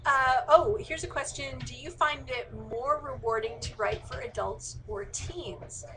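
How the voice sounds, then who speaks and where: A woman's voice: high-pitched, unhurried, fairly bright tone, low-quality recording. A woman author in a casual online Q&A, reading out audience questions and answering them chattily with plenty of fillers. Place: indoors, remote live stream.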